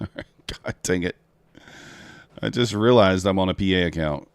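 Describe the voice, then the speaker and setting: A man with a low, clear, resonant voice speaks a little slowly while live-streaming his futures trades, casually narrating each decision for viewers. The recording is dry.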